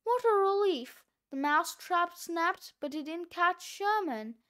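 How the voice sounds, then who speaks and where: A woman reading a children's storybook aloud in an animated way, shifting her voice for each character. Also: very high-pitched, slow.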